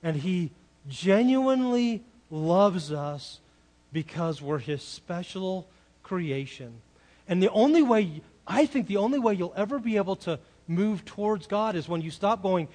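A man preaches an earnest sermon, frequently putting rhetorical questions to his listeners. His voice sits high with lively intonation, a touch mellow, and he takes his time. The recording carries the long reverb of a large hall.

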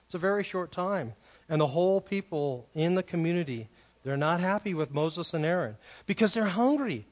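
Man, pastor, conversational sermon, animated, asks questions, slightly high voice. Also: moderate pace. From California.

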